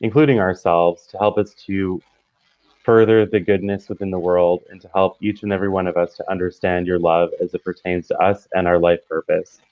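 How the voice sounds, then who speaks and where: Calm thirtysomething man, dry call audio. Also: low-pitched, brisk, no room sound, lo-fi sound. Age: 30s. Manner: calm, earnest prayer, with relaxed filler-laden chat. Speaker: medium and minister. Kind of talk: spoken prayer and casual introduction. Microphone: video call.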